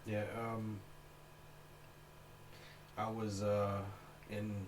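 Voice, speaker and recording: A man's voice: fairly low pitch, completely flat delivery, very slow, noisy background. A man from Alabama co-hosting a podcast, telling stories in a laid-back way and swearing freely. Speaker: podcast co-host. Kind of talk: casual storytelling.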